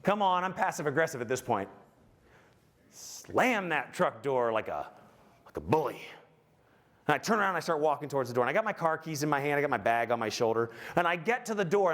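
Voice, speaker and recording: Animated man giving a keynote. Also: on the high side, a little fast. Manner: animated storytelling with audience questions; self-mocking, acts out his own anger. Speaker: keynote speaker. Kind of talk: motivational keynote talk.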